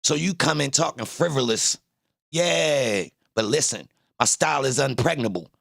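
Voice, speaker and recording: A young man with a Baltimore accent and a very gravelly, fry-heavy voice talks to his stream chat. He trash-talks and brags. The sound is close and dry, with no room around it. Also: mid-range voice, moderate pace, fairly bright tone, no echo. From Baltimore, Maryland. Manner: boastful, trash-talking with the chat. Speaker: livestream host. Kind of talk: casual livestream chat.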